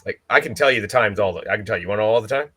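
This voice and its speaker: A man's voice: on the low side, rapid-fire, pushed and bright, slightly rough, dry recording, clean studio sound. A man co-hosting a podcast, answering in a matter-of-fact way about race times and penalties. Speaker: podcast co-host. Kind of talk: casual chat.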